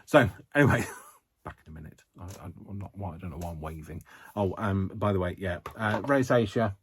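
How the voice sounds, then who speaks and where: A man's voice: low voice, a little fast, a little hiss or hum. A man hosting a casual craft haul vlog, talking to camera in a chatty, rambling way with many ums and self-mocking jokes. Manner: jokey, self-mocking humour. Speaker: craft vlogger.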